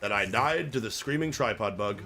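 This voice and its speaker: A man's voice: on the low side, animated, moderate pace, bright, forceful tone, a little hiss or hum. A man streaming a game and chatting live with viewers, crude and joking as he rambles. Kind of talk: live gameplay commentary.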